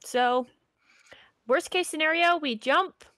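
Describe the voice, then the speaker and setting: A woman playing a tabletop game, talking hesitantly and playfully with lots of ums. Her voice sits fairly high. The sound is dry and close. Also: slow, a bit bright, dry recording. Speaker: player. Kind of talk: casual tabletop game play.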